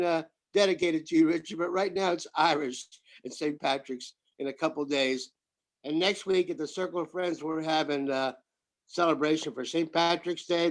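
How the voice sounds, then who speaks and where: An American man in his seventies chatting on a video call, joking and telling rambling anecdotes. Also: fairly high pitch. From United States. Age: 70s. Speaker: participant. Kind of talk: casual chat on a video call.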